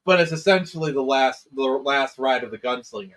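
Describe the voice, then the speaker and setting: Mid-pitched man explaining plot points. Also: fairly bright tone, poor audio. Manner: explanatory, measured, filler-heavy. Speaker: podcast co-host. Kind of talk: casual movie discussion.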